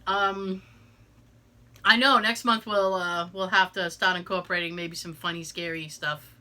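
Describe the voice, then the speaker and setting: A woman's voice: on the low side, fairly even intonation, unhurried, pushed and bright. A woman co-hosting a podcast in casual chat, talking in a rambling way with lots of fillers and restarts. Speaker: podcast co-host.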